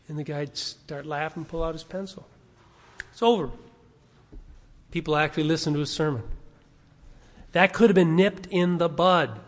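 A man's voice: fairly high pitch, steady tone, normal speed. A man preaching a sermon as pastor, speaking emphatically and stacking rhetorical questions. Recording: long reverb of a large hall.

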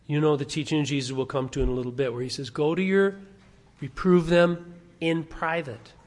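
A man's voice: on the high side, steady tone, fairly quick. A man preaching a sermon as pastor, speaking emphatically and stacking rhetorical questions. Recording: long reverb of a large hall.

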